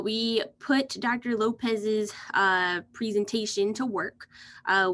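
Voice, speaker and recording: A woman's voice: lowish voice, fairly bright tone. A woman physician giving a casual, upbeat workshop recap over a video call, with frequent filler words. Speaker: physician presenting a group recap. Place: home or office over a video meeting.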